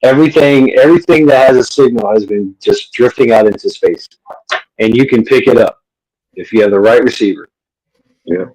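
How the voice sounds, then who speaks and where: A man's voice: mid-range voice, normal speed, a little mellow. A man with a mid-range voice chatting casually, blunt and matter-of-fact with short asides. The sound is close and dry, with no room echo. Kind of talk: casual chat.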